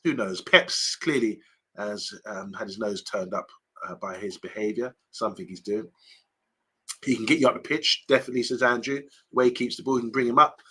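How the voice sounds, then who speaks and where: Chatty low-voiced man hosting a stream. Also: bright, forceful tone, breathy edge. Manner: chatty, rambling, with many ums and restarts. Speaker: host of a fan live stream. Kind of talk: casual live-stream chat reading viewer comments.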